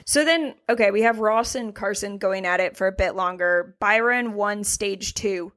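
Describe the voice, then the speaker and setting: A woman co-hosting a racing podcast in casual chat, animated and laughing often, with frequent swearing. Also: mid-range voice, moderate pace. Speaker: podcast co-host.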